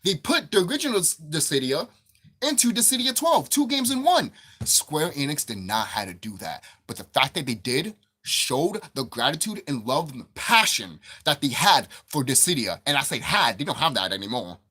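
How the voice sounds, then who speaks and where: A gaming commentator with a slightly high, sing-song, husky voice goes off in an angry, profane rant about video game prices. His tone is bright and forceful, his pace moderate, and he keeps repeating himself as he works up steam.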